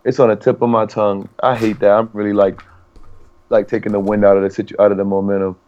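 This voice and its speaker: A young man co-hosting a podcast in casual chat, excitable and profane, stumbling as he hunts for words. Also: lowish voice, quick pace. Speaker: podcast co-host. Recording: slightly dull lo-fi sound.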